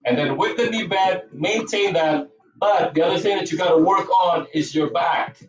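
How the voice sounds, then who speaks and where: In a dance studio, a high-pitched yoga and movement teacher with a Filipino Cebuano accent counts, cues breathing and encourages his students at a moderate pace. The lo-fi recording is roomy and taken far from the mic.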